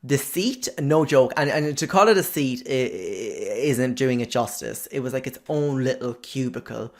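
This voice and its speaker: A man's voice: mid-range voice, normal speed. Man telling a sweary comic story. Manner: exaggerated, sweary and animated. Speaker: podcast host.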